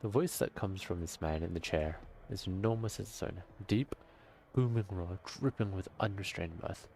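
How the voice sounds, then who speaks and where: Man narrating a game, low voice. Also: normal speed, darkish tone, a little hiss or hum. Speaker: game master and player.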